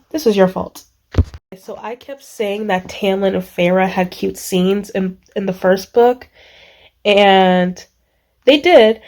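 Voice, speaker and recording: A woman book vlogger talking casually to the camera, gushing and excitable, rambling with many fillers and restarts. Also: a little high. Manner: gushing, excitable, lots of exclamations. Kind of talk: casual reading vlog.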